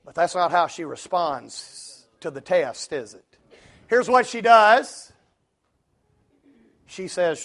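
A male preacher, delivering a sermon that swings from low asides to shouted climaxes. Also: lively intonation, slow pace, pauses often.

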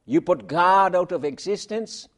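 A man preaching a sermon, emphatic, asking rhetorical questions and swinging between loud and soft. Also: high-pitched, expressive, unhurried.

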